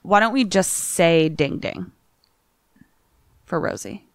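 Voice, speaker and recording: A woman's voice: fairly low pitch, very animated, no echo. A woman co-hosting a podcast, reacting with short interjections and giving her answers in casual chat. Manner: reactive listener, quick interjections. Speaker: podcast co-host.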